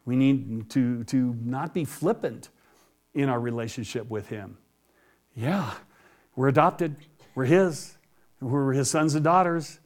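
A man's voice: mid-range voice, slow, pauses often. A man preaching a Bible-teaching sermon in a conversational way, often repeating words.

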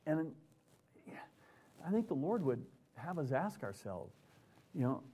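Male preacher, conversational sermon, swings from loud readings to soft asides, slightly high pitch. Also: lively intonation, takes it slowly, pauses often. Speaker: pastor.

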